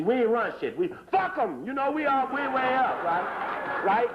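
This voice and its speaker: A man giving a fiery political lecture in a hurried, emphatic, profane way, repeating his phrases. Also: very high voice, sing-song. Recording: dull lo-fi tape recording.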